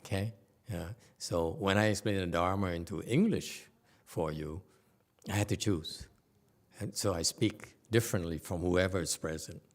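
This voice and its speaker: A man's voice: sits low, normal speed. A man giving a conversational Buddhist sutra lecture, often stopping to question his audience. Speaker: Buddhist teacher.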